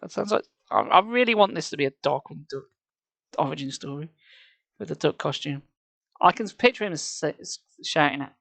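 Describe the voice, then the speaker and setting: A man's voice: on the high side, expressive, moderate pace, vocal fry, a bit bright, dry recording. A man reading a children's horror book aloud on a livestream, breaking off for casual chatty asides. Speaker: livestream reader. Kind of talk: live storybook reading with asides.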